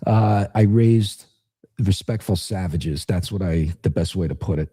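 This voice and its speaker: Middle-aged guy on a podcast, low mellow voice, frank salty storyteller. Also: measured pace, husky. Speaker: podcast guest, former federal agent. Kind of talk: casual storytelling interview.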